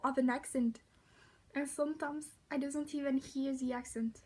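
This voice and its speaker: A woman's voice: high-pitched, fairly even intonation, normal speed, a little mellow, breathy edge. A young woman with a French accent, a French native speaker, chatting casually to camera in a vlog, rambling and correcting herself as she goes. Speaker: vlogger.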